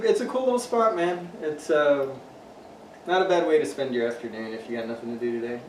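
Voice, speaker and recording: Guy rambling on a podcast, cussing a lot, sounds kinda far from the mic in an echoey room with faint hum. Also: medium pitch. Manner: loose, profane storytelling. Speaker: podcast co-host. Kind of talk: casual chat.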